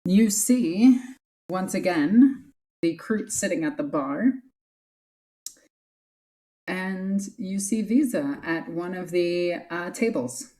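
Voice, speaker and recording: A woman's voice: on the low side, lively intonation, slow, pauses often, warm tone. A woman running a tabletop game as game master, easygoing and often laughing.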